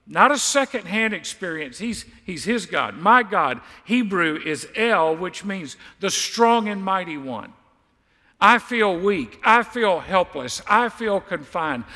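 A man's voice: high voice, bright, forceful tone, in a large hall. A man preaching a sermon as pastor, stressing and repeating key words for emphasis.

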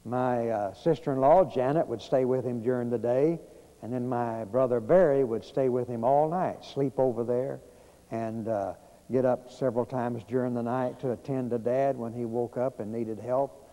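A man preaches a storytelling sermon, folksy and unhurried, with many pauses and fillers. His voice is dark and mellow. A long church-hall reverb trails after each phrase. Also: medium pitch, fairly even intonation, dull audio. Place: church sanctuary.

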